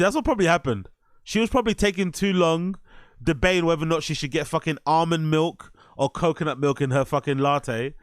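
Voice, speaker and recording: A man's voice: on the high side, no echo. Incredulous mocking man, dry close sound. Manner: incredulous, mocking, swears a lot. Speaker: stream host reacting to a podcast clip. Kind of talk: reaction commentary.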